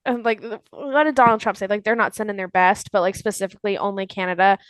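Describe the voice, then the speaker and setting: A young woman from Florida, a podcast guest in casual political chat, animated, swearing freely and laughing often. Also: mid-range voice, fast, no room sound.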